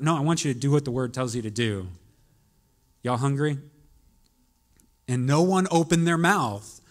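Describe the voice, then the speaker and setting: A man preaching a sermon as pastor, moving from quiet, musing storytelling to loud, urgent calls to the congregation. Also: medium pitch, moderate pace, long pauses.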